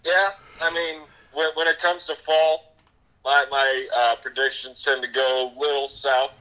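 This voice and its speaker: A man's voice: mid-range voice, little pitch movement, unhurried, bright, forceful tone, low-quality recording. A man co-hosting a podcast in casual chat, with a wry, dry sense of humor. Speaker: podcast co-host.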